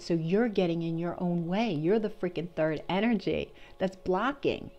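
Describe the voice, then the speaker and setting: A woman's voice: on the low side, normal speed, darkish tone, muffled recording. A woman doing a casual tarot reading for her channel, chatty and encouraging, asking herself questions and answering them. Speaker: tarot reader.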